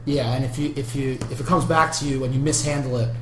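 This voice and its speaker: A man's voice: medium pitch, fairly even intonation, fast talker, echoey room, noisy background. A man co-hosting a podcast in a backup studio, chatting casually and explaining things in long, run-on sentences with jokes. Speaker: podcast co-host. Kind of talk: casual chat.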